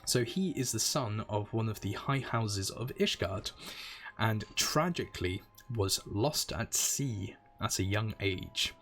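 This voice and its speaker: A man's voice: lowish voice, animated, slow pace, a bit bright, soft background music. A man streaming a game, giving chatty, rambling commentary and explaining as he plays. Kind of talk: casual gameplay commentary.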